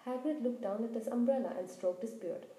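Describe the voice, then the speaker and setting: A woman reads a storybook aloud with expressive, animated narration. Her voice is fairly high and mellow, and it carries a roomy echo. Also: brisk. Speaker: storyteller reading a book aloud.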